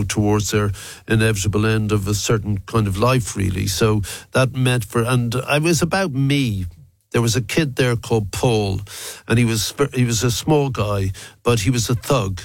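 A man's voice: fairly low pitch, dry recording. An older Irish man with a South Dublin accent, a musician answering interview questions in a rambling, reflective way with many restarts. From Ireland. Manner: gravelly, rambling with restarts and fillers. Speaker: musician guest.

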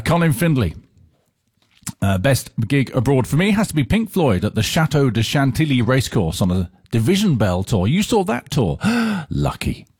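Husky-voiced rock radio DJ man. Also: fairly low pitch, no echo, clean studio sound. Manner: chatty, animated, reads messages aloud with asides. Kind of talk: rock radio presenting, reading listener messages. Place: radio studio. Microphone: studio microphone.

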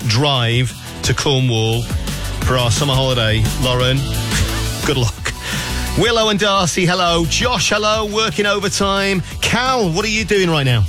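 A man's voice: fairly high pitch, a little slow, music in the background. A man hosting a radio show, chatting with a caller in a teasing way and laughing often. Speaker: radio host.

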